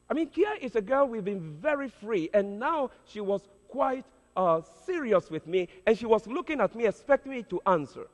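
A man's voice: high voice, animated, fairly quick, few pauses. A man preaching as a pastor, telling a story earnestly and dramatically, with hesitant fillers. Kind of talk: storytelling sermon. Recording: long hall reverb.

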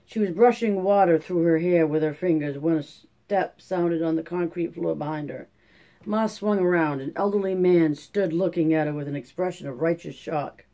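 A man reading a classic novel aloud in a steady, measured audiobook narration. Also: a little high. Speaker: audiobook reader.

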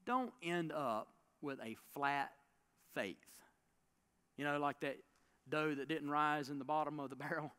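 A man preaching a sermon as a pastor, telling a story with dramatic swings between loud bursts and hushed lines. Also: fairly high pitch, measured pace, clean tone. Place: church sanctuary.

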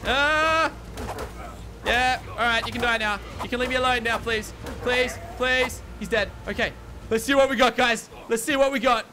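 Bright high-voiced young man gaming. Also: steady tone, moderate pace, slight background noise. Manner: panicked, exasperated, repeats himself. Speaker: gaming YouTuber. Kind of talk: let's play commentary.

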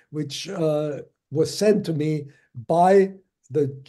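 A man in his nineties from Germany, giving a lecture as a string of anecdotes, halting with many fillers and restarts and chuckling as he tells them. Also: fairly high pitch, mellow. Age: 90s. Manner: chuckles while recounting stories.

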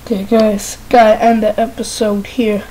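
A woman's voice: medium pitch, little pitch movement, moderate pace, dark tone, a little hiss or hum, rough recording. A woman giving casual gameplay commentary, mumbling and playfully talking to herself as she plays. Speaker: gamer.

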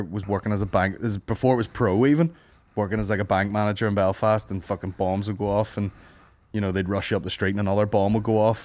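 Rambling Northern Irish man telling stories. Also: on the low side. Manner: rambling storyteller, swears a lot, puts on voices for quotes. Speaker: comedian podcast host. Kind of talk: casual banter.

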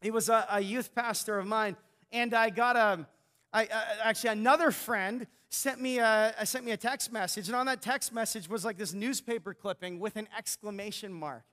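A male pastor preaching a sermon, telling a story and swinging from hushed, slow lines to excited shouting. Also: high-pitched. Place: church.

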